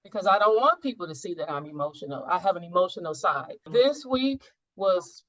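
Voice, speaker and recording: This coaching client speaks fairly quickly, her fairly low voice carrying lively intonation and a fairly bright tone. She recounts a personal spiritual experience with earnest, searching care, frequently rephrasing partway through. The recording sounds dull and dry.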